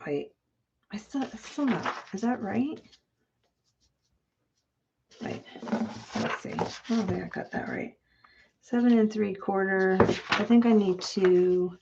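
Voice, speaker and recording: A woman's voice: mid-range voice, slow pace, long pauses. A woman hosting a casual craft-along livestream, chatting with viewers and thinking aloud as she measures and cuts. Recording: dull, lo-fi home stream with clear background noise.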